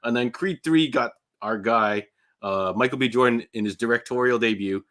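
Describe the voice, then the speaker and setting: A man co-hosting a casual live podcast, talking in a relaxed, joking, rambling way. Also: mid-range voice, normal speed. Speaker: podcast co-host. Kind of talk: casual chat.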